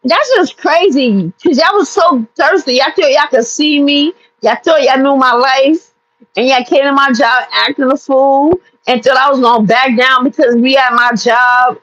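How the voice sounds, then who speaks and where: High-voiced woman in a heated rant. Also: moderate pace, a bit bright, lo-fi sound. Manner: blunt, profane and heated. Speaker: vlogger telling a personal story. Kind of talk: storytime rant.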